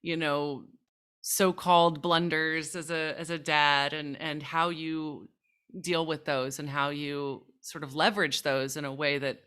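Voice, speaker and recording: A woman's voice: low-pitched, flat delivery, measured pace, a bit bright, clear, resonant tone. A woman hosting a podcast interview, affirming her guest as she talks. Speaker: podcast host. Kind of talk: conversational interview.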